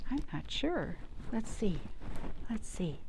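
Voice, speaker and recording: Slow, gentle storytime librarian woman. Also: fairly high pitch, sing-song, vocal fry, noisy background. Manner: gentle, asks the children questions. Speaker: children's librarian. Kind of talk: children's storytime reading.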